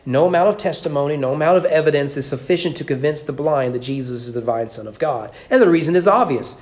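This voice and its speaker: A man's voice: on the high side, quick pace, a little mellow. A man preaching a sermon as pastor, emphatic, with repeated phrases and rhetorical questions.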